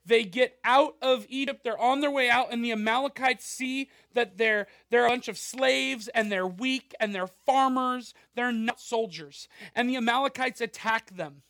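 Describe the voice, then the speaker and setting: A male pastor with a strikingly high voice preaches in a loose, conversational way. He checks in with the crowd through quick rhetorical asides, and the sound is close and dry. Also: dry recording. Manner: animated, with frequent asides and rhetorical questions. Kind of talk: conversational sermon.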